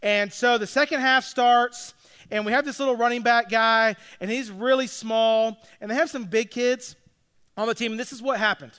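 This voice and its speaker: A father who coaches youth flag football tells a story in a chatty way, checking in with listeners through "all right?" and "like." His voice is extremely high in pitch, clean and fairly bright, with a steady tone and moderate pace.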